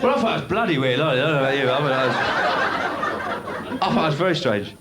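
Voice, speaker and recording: A young man does stand-up on a club stage, rambling through deadpan stories with quick asides. His voice sits a bit high and leaps around a lot. A steady hiss runs under it from an old videotape of the show. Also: over a noisy crowd. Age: young adult. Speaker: stand-up comedian. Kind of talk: live stand-up comedy.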